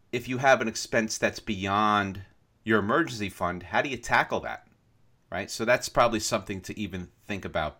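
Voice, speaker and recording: A man's voice: lowish voice, sharp tone. A man co-hosting a podcast, talking things through casually and often checking in with "right?". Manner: thoughtful, keeps asking "right?". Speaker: podcast co-host.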